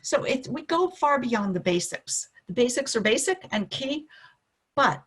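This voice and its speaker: A woman's voice: high voice, animated, unhurried, breathy edge. A middle-aged woman giving a conversational webinar on coaching, talking through slides with many fillers and restarts. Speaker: wellness coaching trainer.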